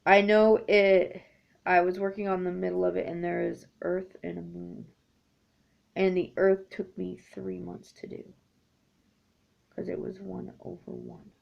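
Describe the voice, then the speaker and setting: Slow, gravelly woman vlogger. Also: lowish voice. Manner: chatty and rambling, with frequent ums. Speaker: needlework vlogger. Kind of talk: casual chat to camera. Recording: dull lo-fi home recording.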